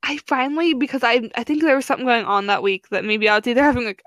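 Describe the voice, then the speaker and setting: Young woman co-host, casual filler-heavy chatter, a bit high-pitched. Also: fairly even intonation, rapid-fire, fairly bright tone, no echo. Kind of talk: casual chat.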